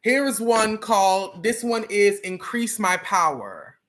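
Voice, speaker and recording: Slow, deliberate chant teacher with a bright, forward voice who laughs at themselves between chants. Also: mid-range voice, lively intonation. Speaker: spiritual teacher.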